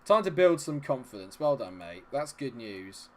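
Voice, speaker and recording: Excitable man hosting a game livestream. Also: mid-range voice, normal speed. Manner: excitable, cheers loudly at the game. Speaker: gaming livestream host. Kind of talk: live gameplay commentary and chat reading.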